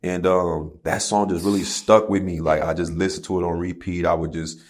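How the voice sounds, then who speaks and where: Deep-voiced man telling his story candidly. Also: little pitch movement, a little fast. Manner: candid, profane storytelling with slang like "bro" and "you feel me". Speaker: podcast guest, rapper. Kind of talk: casual conversation.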